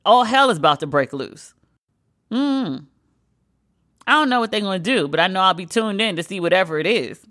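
A woman hosting a solo pop-culture podcast, talking in a sassy, sarcastic, animated way. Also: mid-range voice, moderate pace, pauses often. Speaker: podcast host.

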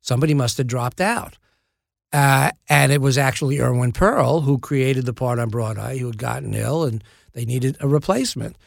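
A man's voice: mid-range voice, normal speed, creaky, no echo. An older man, an actor guest in a studio interview, telling self-deprecating anecdotes and acting out what people said. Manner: self-deprecating, acts out quoted dialogue. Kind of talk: anecdotal storytelling in a podcast interview. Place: podcast studio.

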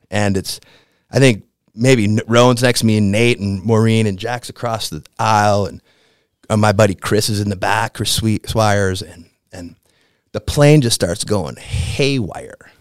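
A man in his fifties from the American Midwest, a podcast guest telling a story in a laid-back, slangy way that gets animated as it builds. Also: fairly low pitch, measured pace, dry recording, clean studio sound. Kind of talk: casual storytelling.

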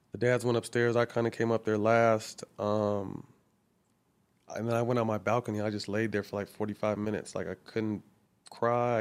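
A middle-aged man in a casual interview, speaking candidly with profanity and frequent halting restarts. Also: lowish voice, clear, resonant tone. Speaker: guest.

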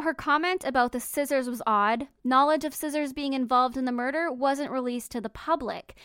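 Woman host for true-crime narration: fairly high, smooth voice, calm and measured, dry close sound. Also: no echo. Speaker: podcast host.

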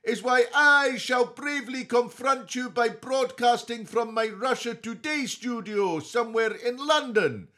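A man doing a comic impression of a pompous older male political pundit, declaiming slowly and grandly. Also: very high voice, bright, forceful tone, voice pushed up, full character voice.

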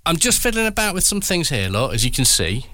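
A man's voice: fairly high pitch, big pitch swings, a little fast, bright, forceful tone, dry recording, clean studio sound. A man, the show's producer, bantering playfully and geekily with the host. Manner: playful, geeky, giggly. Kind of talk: casual podcast banter.

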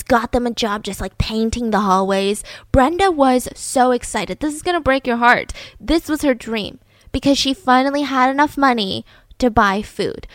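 Woman storyteller, chatty, animated asides, a bit high, dry sound. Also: dry recording. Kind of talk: casual storytelling.

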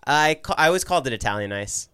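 A man from New Jersey hosting a podcast in casual chat, relaxed and joking, cursing now and then. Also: mid-range voice, quick pace, smooth, no echo, studio quality. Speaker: podcast host.

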